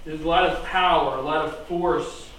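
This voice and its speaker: Man, preacher, sermon, high voice, heavy room echo, heard from a distance. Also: normal speed, slight background noise. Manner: animated, rising and dropping volume for emphasis. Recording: very echoey room, voice from far off.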